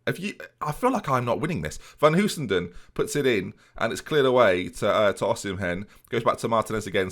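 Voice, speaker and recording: A man's voice: mid-range voice, a bit bright. A young man commentating his football management game in a chatty, self-mocking way, talking straight to his viewers. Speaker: gaming YouTuber.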